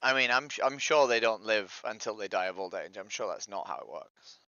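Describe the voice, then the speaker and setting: A fairly low-voiced man, animated and fairly quick, sounds pushed and bright but clear and resonant, with no echo. He's streaming as a vegan activist, repeating his opener again and again and questioning people over voice chat the way street outreach works. The stream audio is dry and lo-fi.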